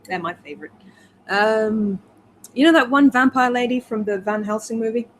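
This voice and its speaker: A slightly tipsy woman reads a plot summary aloud to her co-host, breaking off for giggly, wry little asides. Her voice sits a touch high for a woman, with a faint hiss under it. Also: normal speed. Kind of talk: casual chat, reading a plot summary aloud.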